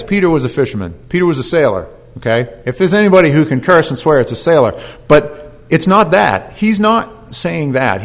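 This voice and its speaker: A man preaching a sermon, telling the story with animation and acting out voices. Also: medium pitch.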